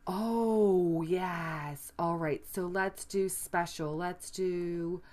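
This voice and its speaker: Slow-talking excitable woman gamer. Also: lowish voice. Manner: excitable, gasps and exclaims at surprises. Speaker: gaming video host. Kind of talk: let's play commentary.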